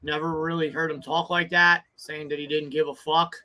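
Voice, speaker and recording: A man co-hosts a casual sports podcast and argues back hesitantly, repeating himself as he disapproves. His voice sits high and sounds bright. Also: level tone, normal speed. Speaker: podcast co-host.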